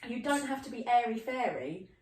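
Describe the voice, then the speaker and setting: A woman's voice: fairly high pitch, animated, moderate pace. A woman hosting a casual podcast, talking frankly and chatting with her guest. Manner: chatty, frank, agreeable listener. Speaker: podcast host. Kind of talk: casual chat. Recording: roomy, distant mic.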